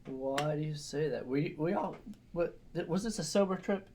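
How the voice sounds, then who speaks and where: A man's voice: fairly high pitch, normal speed, noisy background. A man co-hosting a casual podcast, dropping dry, teasing remarks. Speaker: podcast co-host.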